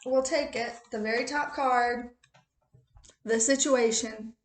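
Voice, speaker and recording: A woman's voice: fairly high pitch, fairly even intonation, slow pace, roomy sound. Joking woman reading tarot, rural American accent. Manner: chatty, joking, swearing. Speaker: tarot reader.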